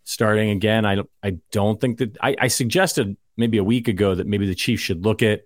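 A man's voice: fairly low pitch, steady tone, normal speed, no room sound, studio quality. A man hosting a casual sports podcast, talking in a rambling, conversational way and arguing his points. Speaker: podcast host.

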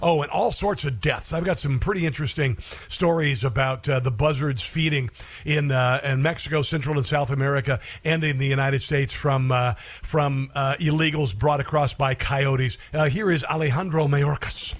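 A man's voice: mid-range voice, fairly even intonation, moderate pace. A man hosting an opinion talk radio show, sarcastic and rambling, stumbling over words.

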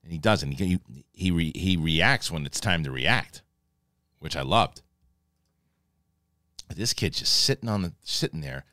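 Excitable man reviewing a TV episode. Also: deep voice, no echo, studio quality. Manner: excitable, swears casually, acts out scenes in quotes. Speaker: TV review show host. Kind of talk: animated spoiler review talk.

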